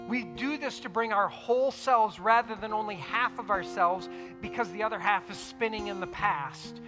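A man preaching a sermon earnestly, repeating key phrases for emphasis and dropping into soft, reflective tones. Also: sits high, a little slow, in a large hall. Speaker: pastor. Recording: music playing underneath.

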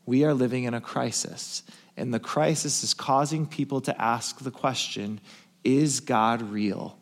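A male pastor preaching, telling a story in a hushed, tender voice and then building to emphatic calls. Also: mid-range voice, moderate pace. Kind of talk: sermon storytelling.

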